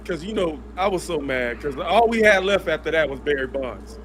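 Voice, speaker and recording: A man on a podcast telling laid-back stories in slangy, rambling talk. His voice is quite high for a man. Faint noise sits in the background. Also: animated, normal speed, fairly bright tone. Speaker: podcast guest. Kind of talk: casual storytelling.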